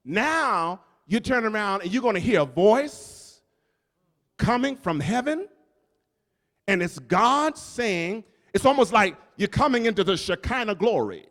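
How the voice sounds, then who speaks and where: In a church sanctuary with a long hall reverb, a male pastor preaches, calling out to the congregation and repeating key lines for emphasis. His high voice is very animated and a bit bright, delivered at a measured pace.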